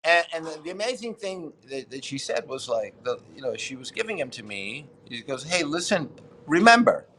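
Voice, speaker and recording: A man's voice: medium pitch, animated, brisk, hardly any pauses, a bit bright, slight background noise. A man in his sixties, a podcast guest, telling a rambling story with frequent swearing and restarts. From Boston, United States. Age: 60s. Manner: rambling, profane, self-interrupting. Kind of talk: casual storytelling interview.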